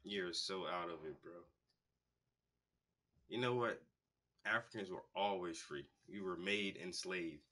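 A man hosting a painting show, telling stories in a loose, profane, animated way and acting out the people he quotes. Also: low-pitched, measured pace, long pauses. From United States. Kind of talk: casual storytelling monologue.

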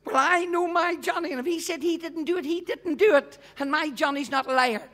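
A man voicing a loud, defensive mother who fiercely stands by her son. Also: very high voice, fairly quick, voice pushed up. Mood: defiant.

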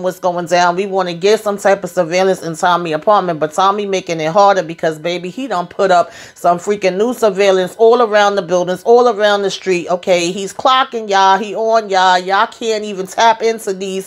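A woman giving a sassy, animated recap of a TV episode in casual chat, acting out the characters' lines in AAVE. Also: medium pitch. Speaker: show recap reviewer.

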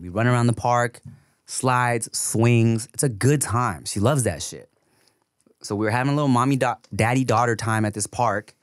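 Animated, slangy man telling a story. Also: mid-range voice, dry recording, studio quality. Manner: animated, slangy, swears casually. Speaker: podcast host. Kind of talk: casual storytelling chat.

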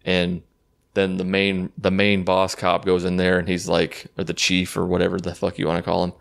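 A man's voice: sits low, completely flat delivery, normal speed, gravelly. A man giving a casual, rambling and sarcastic recap of a movie, swearing freely as he goes. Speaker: YouTube movie reviewer.

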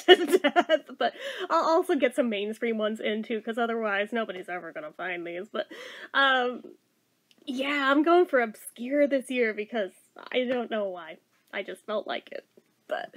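High-voiced, blunt, excitable woman reviewer. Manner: chatty and blunt, swears freely, many fillers; excitable and animated, quick to laugh. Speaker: movie reviewer. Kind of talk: casual spoken review.

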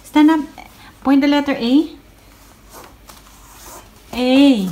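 A woman's voice: high-pitched, slow pace, long pauses, noisy background. A woman, teaching her toddler words in a home video with a sing-song, encouraging manner.

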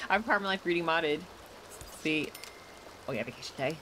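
Deep-ish voice lady streamer, chatty, laughs a lot while playing. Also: lively intonation, normal speed, noisy background. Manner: chatty, laughs often, reads chat aloud. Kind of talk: casual gameplay chat.

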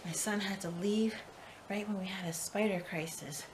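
A woman's voice: medium pitch, normal speed. Panicky woman vlogger exclaiming. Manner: panicky, exclamatory, repeats herself. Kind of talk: casual home vlog. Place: home storage room. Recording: noisy home video.

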